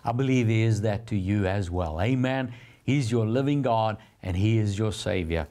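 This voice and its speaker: A man's voice: lowish voice, normal speed, dark tone. A middle-aged man preaching a sermon, reading scripture and explaining it in an earnest, reflective teaching manner. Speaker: pastor.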